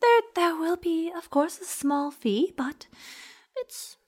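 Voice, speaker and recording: A woman doing a soft, halting shopkeeper. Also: very high voice, animated, pitched above the performer's own voice, heavily acted. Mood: helpful. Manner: soft, halting speech full of fillers. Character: friendly female shopkeeper, eager and a bit scattered.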